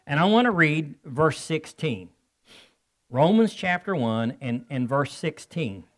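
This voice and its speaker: A man's voice: fairly high pitch, animated, slow, fairly bright tone. A man preaching a sermon as pastor, telling stories and calling on the congregation for amens.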